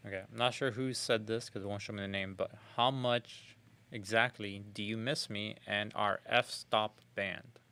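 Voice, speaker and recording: A man's voice: lowish voice, fairly even intonation, unhurried, sharp tone. A man co-hosting a casual live Q&A, reading out viewer questions plainly and adding short quips.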